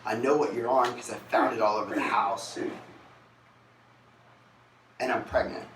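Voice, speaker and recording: A man's voice: fairly low pitch, steady tone, moderate pace, a bit bright, lightly acted. A man voicing his fed-up wife, scolding and profane, in an echoey room from a distant mic. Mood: stern. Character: fierce fed-up wife, stern and blunt.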